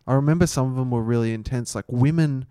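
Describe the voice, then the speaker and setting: A man's voice: mid-range voice, rapid-fire, dark tone, smooth, dry recording. A man co-hosting a comedy podcast, chatting in an offhand, dry-humored way. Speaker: podcast co-host. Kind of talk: casual comedy banter.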